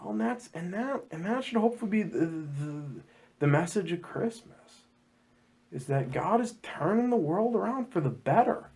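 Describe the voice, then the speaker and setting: A man co-hosts a loose, joking church podcast, his voice husky and full of swoops up and down. He talks casually and now and then slips into comic voices. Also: sits high, lively intonation, moderate pace, darkish tone. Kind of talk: casual chat.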